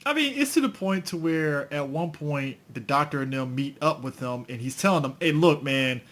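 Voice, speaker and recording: A man's voice: on the high side, lively intonation, moderate pace, fairly bright tone. A man co-hosting a podcast, chatting casually about a movie in a laid-back, joking way. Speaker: podcast co-host. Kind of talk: casual movie review chat.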